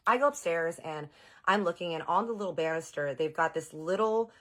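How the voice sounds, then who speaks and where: A woman with a low voice tells a personal story in a casual, chatty way, speaking straight to her viewers. She is animated and often jumps into exaggerated quoted voices. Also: brisk. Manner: animated, chatty, addresses audience directly.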